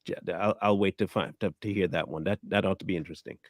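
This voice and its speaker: A man's voice: sits low, fairly even intonation, fast, no room sound, studio quality. A man co-hosting a reaction show, talking in a challenging, sarcastic way. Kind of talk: casual reaction chat.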